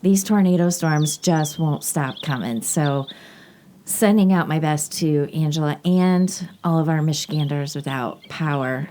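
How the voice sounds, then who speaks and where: A woman's voice: low voice, measured pace, mellow, slight background noise. A woman hosting a podcast in casual chat, chatty and laughing often. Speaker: podcast host.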